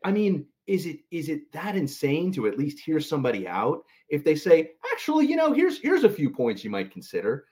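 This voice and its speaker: A man's voice: a little high, huge pitch swings, a little fast, hardly any pauses, a little mellow. A man hosting a podcast, chatting casually, joking and swearing freely. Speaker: podcast host.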